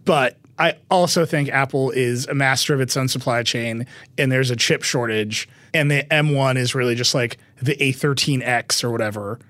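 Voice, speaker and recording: A man co-hosting a tech podcast, steering the talk with quick, joking asides. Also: medium pitch, fairly bright tone, dry recording. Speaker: podcast co-host. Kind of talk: casual panel chat.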